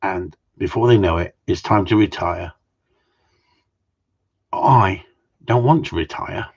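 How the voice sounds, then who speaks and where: Husky middle-aged man, outspoken gundog trainer on a lo-fi live stream, rambling and profane. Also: deep voice, slow pace. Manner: blunt, swears freely, rambling and opinionated. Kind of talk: casual live-stream rant. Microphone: live-stream mic.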